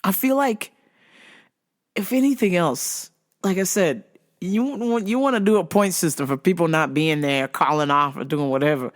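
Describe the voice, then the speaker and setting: A woman hosting a casual show, telling stories in a profane, animated way and laughing often. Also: lowish voice, normal speed. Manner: animated storytelling, frequent laughter, heavy swearing. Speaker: show host. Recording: voice over background music.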